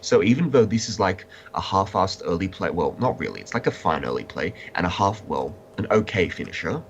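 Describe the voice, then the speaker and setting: A man's voice: low voice, animated, fairly quick, muffled recording, a little hiss or hum. A man reviewing trading cards in casual chat, blunt and opinionated with a dry sense of humor. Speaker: card game reviewer.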